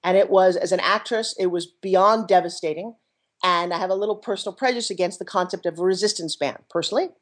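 A middle-aged woman, an entrepreneur and TV pitchwoman, telling her story with high energy and enthusiasm in a podcast interview. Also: fast talker. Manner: energetic, enthusiastic, jumps into quoted voices.

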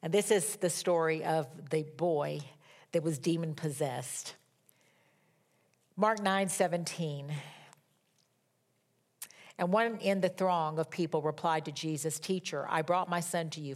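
Woman preaching a dramatic sermon. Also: low-pitched. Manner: dramatic, rising to loud emphatic peaks, dropping to whispers. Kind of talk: sermon with scripture reading.

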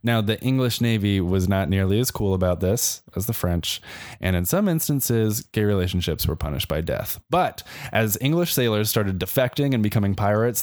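This young adult man co-hosts a podcast, telling history casually and jokingly while putting on playful voices. His voice is lowish and a little mellow, with clean studio quality and no room sound.

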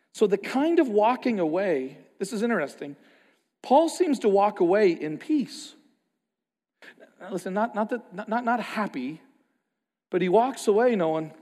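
A man preaching a sermon as a pastor, passionate, moving between quiet, reflective stretches and loud outbursts. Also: sits high, animated, normal speed, long reverb tail. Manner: passionate, swings from quiet to loud, acts out quoted voices.

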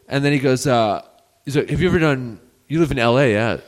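A man's voice: mid-range voice, fairly quick. A man who is a guest comedian, chatting in an easygoing, wry way about comedy clubs. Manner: easygoing, wry, trades club stories. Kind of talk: casual comedy chat.

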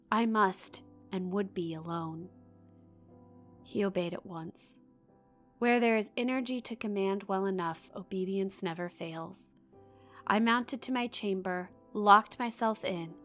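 A woman reads a classic novel aloud with feeling, rising for the cried lines and dropping to a hush for the quiet ones. Her voice sits in a middle register. Faint music runs underneath. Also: mid-range voice. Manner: dramatic reader, voices quoted cries and drops to hushed asides. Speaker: podcast co-host. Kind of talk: expressive reading of a novel passage, then casual chat.

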